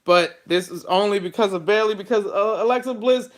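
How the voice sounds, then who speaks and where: A man's voice: sits high, a little fast. A man recapping wrestling shows in a casual, sarcastic and exasperated rant. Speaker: wrestling show reviewer.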